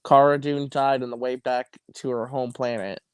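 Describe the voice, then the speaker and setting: A man's voice: mid-range voice, fairly even intonation, moderate pace, clear, resonant tone, no echo, clean studio sound. A man co-hosting a casual panel chat, rambling with lots of "like" fillers.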